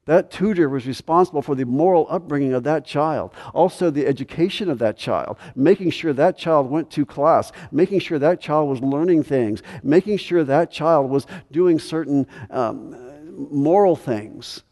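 Male preacher, mid-high pitch, mellow tone, measured expository delivery, reverberant hall. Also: expressive. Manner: measured teaching with emphatic rises. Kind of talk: expository sermon.

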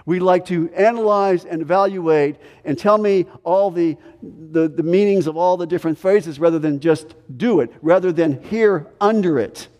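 A man preaching a sermon as pastor, earnest and repetitive, dropping from loud to hushed. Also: high-pitched, normal speed. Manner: earnest preaching, repeats words, swings from loud to quiet. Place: church sanctuary. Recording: long hall reverb.

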